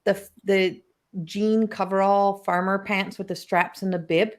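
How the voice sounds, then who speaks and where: A woman hosting a spiritual coaching podcast, telling stories in an animated, chatty way with lots of filler words. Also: mid-range voice, a little slow, slight background noise. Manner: animated storytelling, heavy use of "like". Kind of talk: casual podcast conversation.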